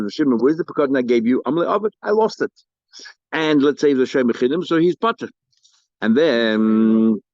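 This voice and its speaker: A man teaching a daily Talmud lesson, mixing English with Hebrew and Aramaic study terms and acting out the litigants' lines in quick bursts. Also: medium pitch, dry recording. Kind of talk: daf yomi Talmud lecture. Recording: dull, lo-fi dry recording.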